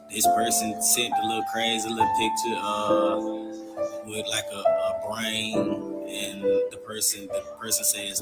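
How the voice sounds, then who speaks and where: A man's voice: on the low side, monotone, measured pace, low-quality recording. An American man in a casual vlog, chatting and reading comments aloud. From United States. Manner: conversational, reads comments aloud. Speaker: content creator. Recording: loud guitar music behind.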